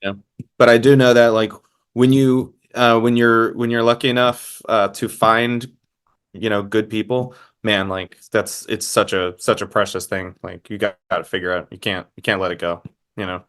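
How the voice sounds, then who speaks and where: A man's voice: on the low side, level tone, normal speed, a bit bright, smooth. A man hosting a podcast interview, chatting in an easygoing, agreeable way and often trailing off. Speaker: podcast host. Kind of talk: casual conversation.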